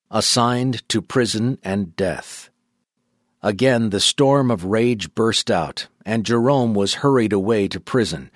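A man giving a measured, solemn audiobook narration. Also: on the low side, no room sound, clean studio sound.

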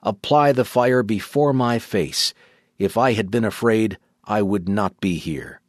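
A man's voice: lowish voice, measured pace, dry recording, clean studio sound. A man reading as a defiant condemned martyr. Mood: resolute.

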